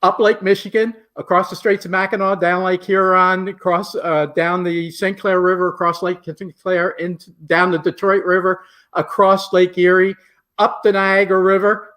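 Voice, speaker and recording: A man's voice: sits high, flat delivery, moderate pace, fairly bright tone. A man as an interview guest, methodically recounting a long boat trip step by step. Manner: methodical storyteller listing places step by step. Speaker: guest author. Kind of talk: casual interview chat.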